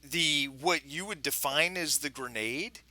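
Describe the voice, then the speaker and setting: A man's voice: on the high side, a little slow, pushed and bright. A man narrating a tabletop game as game master, chatty with many fillers and restarts. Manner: chatty, frequent fillers and restarts, laughs often.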